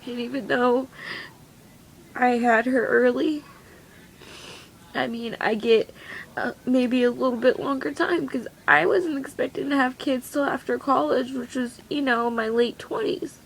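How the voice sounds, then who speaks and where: A teenage girl crying as she talks in a confessional vlog, her voice breaking and halting. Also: high-pitched, fairly even intonation, gravelly, a little hiss or hum, rough recording. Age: teens. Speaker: vlogger.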